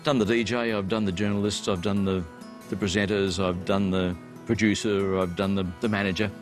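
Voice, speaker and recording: Older aussie bloke, low voice, reflective and a bit emotional, music going behind. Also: male voice, level tone. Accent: Australian. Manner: measured, heartfelt, growing emotional. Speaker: local former radio broadcaster. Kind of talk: reflective interview answers.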